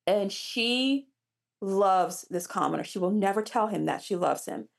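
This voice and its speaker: Animated woman author talking. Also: medium pitch, a little slow, gravelly. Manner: animated, talks in restarts. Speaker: romance author guest. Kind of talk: casual interview chat.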